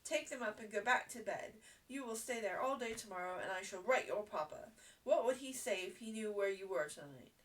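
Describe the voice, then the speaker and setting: A woman's voice: medium pitch, animated, brisk, natural voice. A woman reading a storybook aloud, voicing a stern, furious headmistress in a harsh, withering tone, a little distant from the mic. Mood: scolding.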